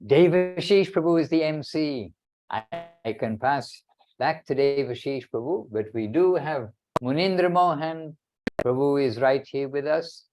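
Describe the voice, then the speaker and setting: A man giving a devotional talk, slow and deliberate, quoting scripture with rising emphasis. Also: fairly high pitch, a little mellow. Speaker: swami giving a spiritual talk. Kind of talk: devotional talk on a video call.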